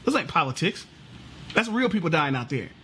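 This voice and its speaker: Heated husky man ranting. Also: a little high, big pitch swings, a little fast, bright, forceful tone. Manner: heated, profane, rhetorical questions. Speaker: vlogger. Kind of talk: impassioned political rant.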